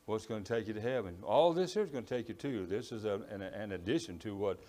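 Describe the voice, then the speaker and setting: Cajun man preaching in a low voice. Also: animated, quick pace, dark tone. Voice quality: strong voice. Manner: rambling, self-apologetic, stumbles over words. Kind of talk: sermon. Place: church in East Texas.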